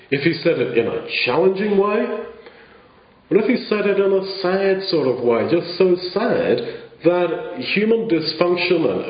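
A man preaching a sermon in an earnest, halting way, often restarting his phrases. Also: fairly high pitch, roomy sound, lo-fi sound.

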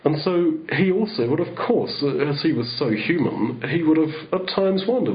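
A man's voice: fairly high pitch, animated, moderate pace, hardly any pauses, lo-fi sound, a little hiss or hum. A man giving a sermon in a rambling, conversational way, full of restarts. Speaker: preacher.

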